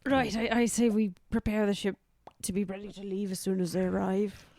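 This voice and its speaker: A woman's voice: mid-range voice, steady tone, fairly quick, mellow, no echo. A woman playing a tabletop game, speaking earnestly in character about keeping her word. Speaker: player.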